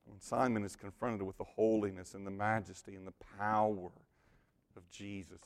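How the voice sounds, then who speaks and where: A man giving a sermon and speaking straight to the congregation, swinging between hushed, near-whispered lines and loud, emphatic bursts. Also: on the low side, normal speed. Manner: direct address to the congregation. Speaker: pastor.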